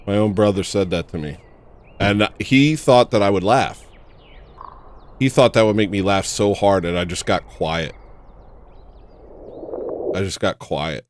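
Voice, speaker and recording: A man chatting casually while gaming, telling rambling, self-deprecating stories with wry, deadpan humor. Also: lowish voice, measured pace, long pauses.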